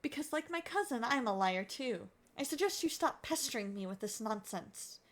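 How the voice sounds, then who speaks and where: Woman doing a curt, suspicious grump of a guy, low and clipped. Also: expressive, normal speed, natural voice. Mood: curt, hostile. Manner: curt and hostile. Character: gruff suspicious middle-aged man. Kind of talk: reading game dialogue aloud.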